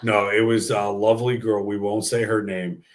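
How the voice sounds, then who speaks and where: A man's voice: fairly low pitch, flat delivery, normal speed. A man in his thirties from the Bronx with a New York accent, hosting a podcast and telling a crude, joking story. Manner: profane and joking. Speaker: podcast host.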